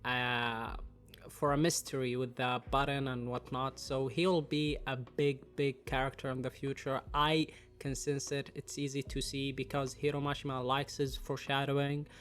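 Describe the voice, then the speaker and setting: A man's voice: medium pitch, flat delivery, moderate pace, fairly bright tone. A man with a congested voice from the flu, casually rambling through a fan tier list with lots of fillers and some swearing. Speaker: anime and manga commentator.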